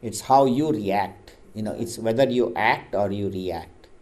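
A man leading a group discussion, telling stories and quotes in a calm, measured, teacherly way. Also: fairly low pitch. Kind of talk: reflective group talk.

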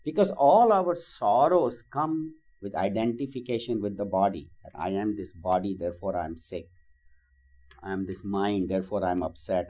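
Guy giving a gita class, warm mellow voice, gentle, lots of "you know". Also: on the low side. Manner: gentle, storytelling, with fillers. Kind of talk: spiritual class talk with stories.

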